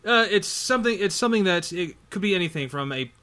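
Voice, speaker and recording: A man with a bright, forceful voice trading jokes on a gaming podcast. He talks in quick bursts and teases his co-host with mock exasperation. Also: sits high, animated. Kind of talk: casual chat about tabletop gaming.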